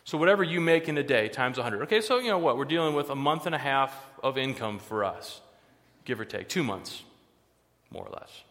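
A man's voice: mid-range voice, lively intonation, brisk, fairly bright tone, big-room sound. A man pastor giving a sermon in a conversational way, with joking asides between the serious points.

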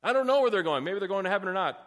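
High-voiced man preaching in a hall. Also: expressive, racing, a bit bright. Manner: preaching with rising intensity, folksy asides. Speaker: pastor. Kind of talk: sermon.

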